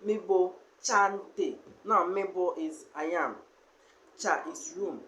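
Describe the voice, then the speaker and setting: A language teacher who talks at a slow, unhurried pace and pauses often, filling gaps with "um" and "eh." The voice has a middle pitch. A faint background hiss runs under the lesson. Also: pushed and bright, poor audio. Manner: explains slowly with many fillers and pauses.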